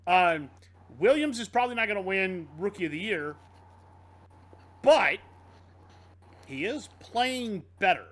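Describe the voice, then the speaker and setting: Lively high-voiced man reading football stats. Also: unhurried, long pauses. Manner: reads off game stats in a lively, rising-and-falling delivery. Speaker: podcast co-host. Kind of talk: casual sports podcast chat.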